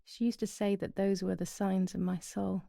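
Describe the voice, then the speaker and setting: An actress playing a grieving young woman who narrates her loss in a hushed, melancholy game voice. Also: medium pitch, little pitch movement, moderate pace, vocal fry, no room sound, studio quality. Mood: sorrowful.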